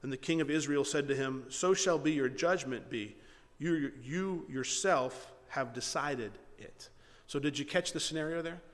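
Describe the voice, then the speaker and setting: Man, pastor, lively sermon, acts out lines, slightly high voice, long reverb. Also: moderate pace. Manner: animated, acts out characters' lines in paraphrase. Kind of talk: sermon with scripture reading.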